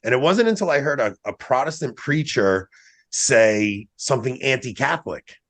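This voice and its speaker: A man's voice: medium pitch, moderate pace. A man in his forties telling a personal story in casual podcast conversation, acting out what he once said. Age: 40s. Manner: animated, acts out his own past quotes.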